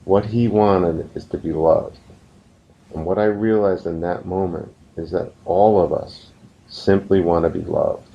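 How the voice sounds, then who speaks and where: A very low, gravelly male voice delivers a recorded course lesson in an earnest, storytelling way. He slows down to land his points. The sound is a little dull and muffled. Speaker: business course instructor.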